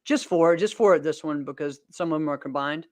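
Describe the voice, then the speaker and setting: A man in his thirties, a podcast host who also competes in martial arts, chats casually with a smooth, clear, fairly high voice that's a little mellow. He talks fairly quickly, rambling cheerfully, laughing often and filling pauses with lots of "um"s. The recording is dry and close, with no room echo.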